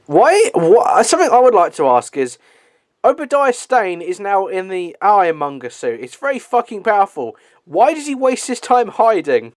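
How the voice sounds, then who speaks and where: High-pitched guy doing movie commentary, swears a lot, laughs constantly, super bouncy voice, dry sound. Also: very animated, normal speed, no room sound. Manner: laughs often, swears freely. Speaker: film commentator.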